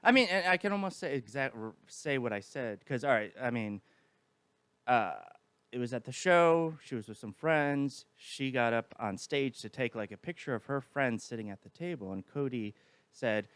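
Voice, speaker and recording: A man, a podcast guest, chatting casually and telling animated stories with acted-out quotes. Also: medium pitch, moderate pace, clean tone, no room sound. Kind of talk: casual chat.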